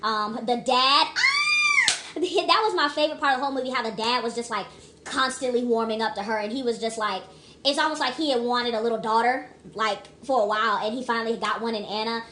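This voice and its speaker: A woman's voice: on the high side, fast talker, fairly bright tone, a little hiss or hum. A young woman casually rambling through a movie review, chatty and emphatic with lots of restarts.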